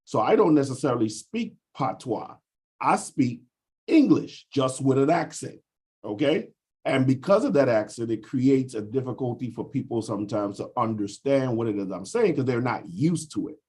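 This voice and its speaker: Husky man from the Virgin Islands. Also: medium pitch, expressive, moderate pace, a little mellow. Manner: reflective, explains at length with frequent fillers. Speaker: discussion group member. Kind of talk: casual group discussion. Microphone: video call.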